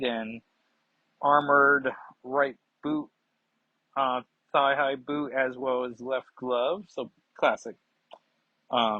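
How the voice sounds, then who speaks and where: Husky guy rambling about comics, lots of ums, dull dry sound. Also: medium pitch, sharp tone, dry recording. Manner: rambling, digressive, with many fillers. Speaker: comic book reviewer. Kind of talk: casual comic review.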